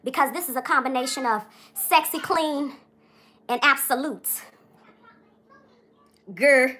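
A woman livestreamer talking to her chat in a theatrical, sassy way, full of drawn-out exclamations. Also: high voice, pushed and bright.

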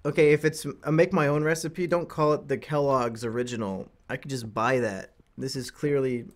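A man's voice: medium pitch, steady tone, normal speed. A young man hosting a casual chat while gaming, joking crudely and swearing a lot. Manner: crude, profane, joking banter. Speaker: podcast host.

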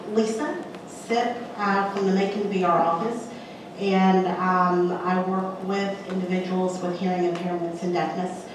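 A woman in the audience, a rehab counselor, asking a question hesitantly with many fillers. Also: on the low side. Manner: hesitant, lots of ums. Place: large conference room. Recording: distant, echoey, noisy room sound.

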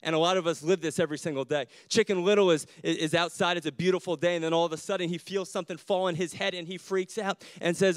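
A male pastor, not a native English speaker, preaching a sermon in an animated way and often repeating words as he builds his points. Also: high-pitched, quick pace, no room sound.

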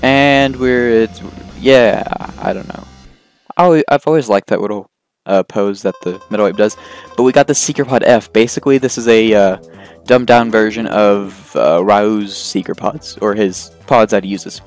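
A man's voice: lowish voice, normal speed. A man giving casual, rambling commentary on his gameplay as a let's play host, joking at his own expense. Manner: rambling, self-deprecating, jokey, lots of fillers. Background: faint game music.

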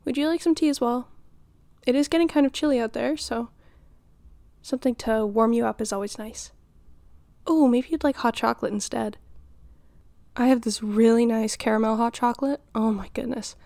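A woman voicing a doting, flirty middle-aged mother in an audio role-play, nurturing and teasing with giggles and flustered pauses. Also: a little high, creaky, dark tone, no room sound.

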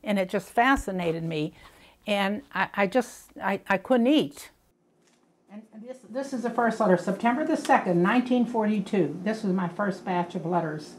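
An older woman reminiscing in a documentary interview, speaking haltingly and repeating words when she is moved. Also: mid-range voice, slight background noise. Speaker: widow recalling wartime letters.

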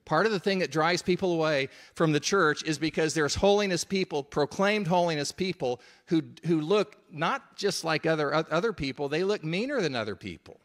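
A man's voice: a little high, animated, moderate pace, few pauses. A man preaching a sermon in an earnest, conversational, emphatic way.

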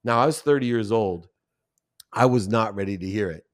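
A man in his fifties, guesting on a podcast, tells a personal story with real emotion. His pitch is fairly low and his speed normal, and he acts out the voices of the people he quotes.

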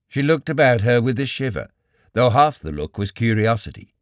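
A man reading scripted audiobook narration in an even, literary storytelling manner. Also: lowish voice, moderate pace, dry recording, clean studio sound.

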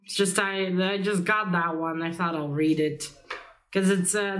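A young woman with a lowish voice chats loosely about her books, wandering between thoughts and dropping the occasional swear. She has a slight cold that roughens the edges of her casual vlog talk. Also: moderate pace. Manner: rambling, casual, swears lightly. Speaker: book vlogger. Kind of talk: casual reading vlog chat.

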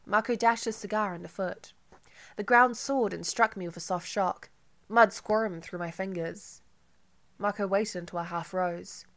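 A woman narrating an audiobook in an intimate, measured first-person reading. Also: medium pitch, fairly bright tone.

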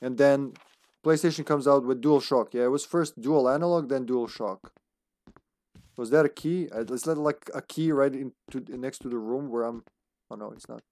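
A man's voice: medium pitch, moderate pace, a little mellow, no echo. A man streaming a horror game live, chatting casually and rambling, laughing often between remarks. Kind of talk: casual gameplay commentary.

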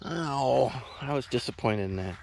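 Rancher vlogger, folksy and rambling, lively pitch, recorded outdoors walking. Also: male voice, moderate pace, a little hiss or hum. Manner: rambling, folksy, chatting to his horse. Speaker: farm vlogger. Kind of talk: casual walk-and-talk vlog. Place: outdoors on a ranch in a wet meadow.

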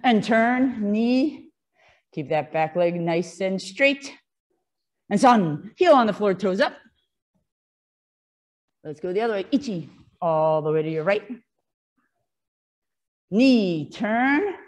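A woman karate instructor leading a children's class, calling commands and counting in Japanese, encouraging but gently firm. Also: mid-range voice, lively intonation, slow, long pauses.

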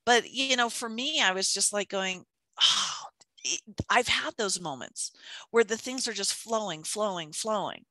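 A woman co-hosting a casual talk show, telling a story with animated, acted-out quotes and frequent laughter. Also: medium pitch, a little slow, no echo. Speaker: podcast co-host. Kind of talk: casual chat about manifestation.

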